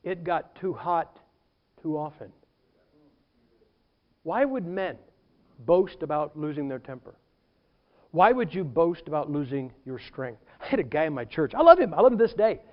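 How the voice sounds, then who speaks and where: A man's voice: a little high, normal speed, pauses often, muffled recording. A man preaching a sermon as a pastor, telling stories and acting out what people said. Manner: animated storytelling preacher, acts out quotes.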